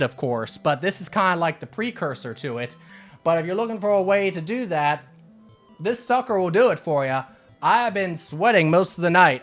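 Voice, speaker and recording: A man's voice: on the high side, a bit bright. A man in his thirties, out of breath from exercise games, chatting casually with viewers as a retro game streamer. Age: 30s. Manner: chatty, laughing, swears at the game. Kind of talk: casual live stream chat.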